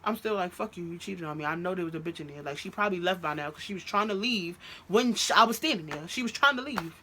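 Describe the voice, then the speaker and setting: A woman telling a story about her ex in a storytime vlog, animated and profane, recorded on a phone. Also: fairly low pitch, quick pace, slight background noise. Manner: animated, profane, recounts a fight with heated quoted outbursts. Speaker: vlogger telling a personal story.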